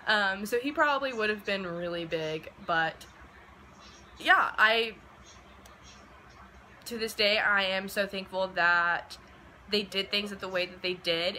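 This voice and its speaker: Bright-voiced young woman telling a story. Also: mid-range voice, slight background noise, poor audio. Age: about 20. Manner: chatty, full of "like" and "um" fillers; acts out quoted lines in a lively, animated way. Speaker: vlogger. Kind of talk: casual personal storytelling.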